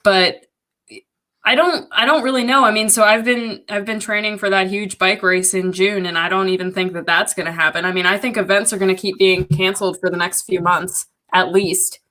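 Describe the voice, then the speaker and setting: A woman's voice: medium pitch, steady tone, normal speed, pushed and bright. A woman appearing as a podcast guest, giving her views in a frank, matter-of-fact way. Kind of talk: casual chat.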